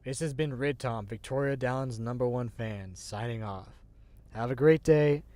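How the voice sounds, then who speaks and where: Warm in tone, medium in pitch and measured in pace, the agender streamer rambles casually to their livestream with no room sound. Expect casual swearing, frequent laughter, self-mockery and sentences that get restarted as the host goes.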